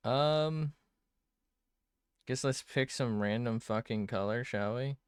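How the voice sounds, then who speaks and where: A man's voice: medium pitch, slow pace, clear, resonant tone, no echo, studio quality. A man streaming himself drawing, muttering to himself in casual commentary, swearing often and joking at his own expense.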